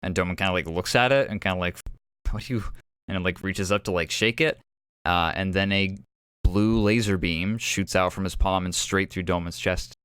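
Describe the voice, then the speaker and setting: A man's voice: low-pitched, moderate pace, a bit bright, clear, resonant tone, no room sound, clean studio sound. A man running a tabletop game as game master, narrating in a rambling, hesitant way full of fillers.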